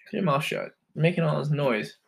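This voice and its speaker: A man's voice: fairly high pitch, animated, fairly quick, vocal fry. Joking man co-hosting a casual podcast. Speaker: podcast co-host. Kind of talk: casual chat.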